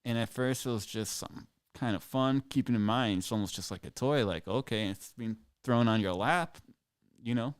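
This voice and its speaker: A man's voice: medium pitch, moderate pace, smooth, dry recording, studio quality. A man in his thirties telling a rambling, crude story on a live stream, casual and self-amused. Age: 30s.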